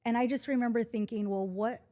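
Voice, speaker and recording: A woman in her forties, a podcast guest, telling a personal story in casual conversation, calm and earnest. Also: fairly high pitch, brisk. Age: 40s.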